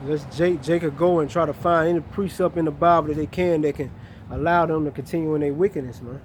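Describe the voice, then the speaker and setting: A man reading Bible verses slowly and then explaining them in casual street talk. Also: fairly high pitch, fairly even intonation, slight background noise. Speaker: street preacher reading scripture. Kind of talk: outdoor street preaching with scripture readings.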